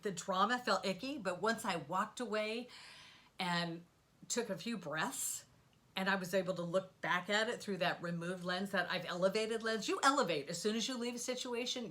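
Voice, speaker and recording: A middle-aged woman telling a rambling personal story in a casual monologue, animated and full of asides and sound effects. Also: medium pitch, moderate pace. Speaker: spiritual vlogger.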